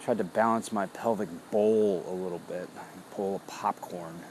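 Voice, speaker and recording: Low-voiced man doing a slow body check-in. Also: steady tone, darkish tone, a little hiss or hum. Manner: slow, introspective, searching for words. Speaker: founder of a wellness business. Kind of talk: reflective spoken body check-in.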